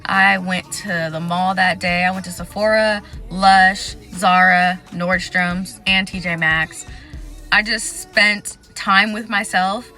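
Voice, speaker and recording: Young woman vlogger, crisp forceful tone, candid chatty delivery, soft music under the voice. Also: lowish voice, steady tone. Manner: candid and chatty, lists things off quickly. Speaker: vlogger sharing exam advice. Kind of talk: casual talking-to-camera vlog.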